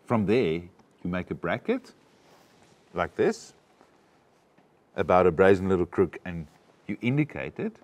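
A man with a low, deep voice coaching a young actor. His delivery rises and falls a lot as he explains and demonstrates how to speak the lines. He talks in an animated, teaching way. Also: a little slow, pauses often. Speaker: acting coach. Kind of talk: coaching a student.

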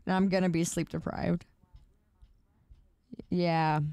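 A woman's voice: on the low side, flat delivery, slow pace, warm tone, smooth, no room sound. A sleep-deprived woman streamer chatting casually and playfully with her viewers, teasing and pleading. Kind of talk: casual live-stream chat.

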